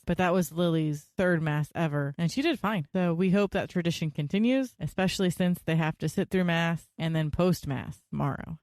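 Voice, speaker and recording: A young woman co-hosting a podcast, telling family stories in a chatty, animated way. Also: deep voice, dry recording, clean studio sound. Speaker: podcast co-host. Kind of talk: casual chat.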